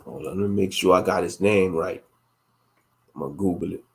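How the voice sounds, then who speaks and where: A man's voice: low-pitched, steady tone, fairly quick, gravelly. A man in his late thirties hosting a casual commentary monologue, thinking aloud and turning preachy. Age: late 30s. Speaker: host.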